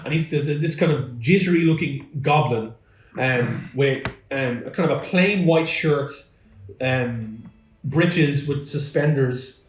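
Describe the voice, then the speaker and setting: A man narrates as game master, describing scenes in a loose, rambling way with plenty of fillers. His voice sits at a middle pitch. The room is echoey and faint music plays underneath. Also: slow pace.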